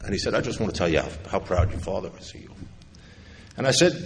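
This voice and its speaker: A middle-aged man with a lowish voice tells his recovery story to a convention crowd, slipping into the voices of the people in it. His talk rings through a big echoing hall with faint room noise behind it. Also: very animated, fast. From New York. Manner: storytelling, acting out others' lines, wry humor. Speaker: AA convention speaker. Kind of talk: personal recovery talk to an audience. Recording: echoey hall with faint ambience.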